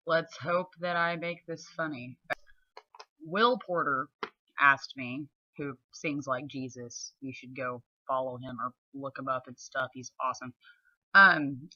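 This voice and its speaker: Young Southern woman, casual vlog, bright tone, blunt and unbothered, dull lo-fi home mic. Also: a bass voice, no room sound. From southern United States. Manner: blunt, laid-back, chatty with frequent fillers. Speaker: model and vlogger. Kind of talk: casual chat to camera. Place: home, sitting on the floor indoors.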